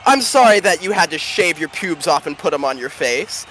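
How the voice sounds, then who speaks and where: A man voicing a cocky male brawler in a tabletop game, taunting in a mocking, drawn-out way. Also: fairly high pitch, animated, sharp tone, slight background noise, poor audio. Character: sneering adult male brawler, picks fights.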